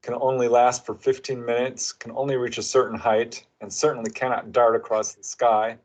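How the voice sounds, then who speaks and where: A man's voice: medium pitch, normal speed, poor audio. A man guesting on an interview show as an author, telling anecdotes and acting out the quotes. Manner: animated storyteller who acts out quotes. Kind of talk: casual interview chat.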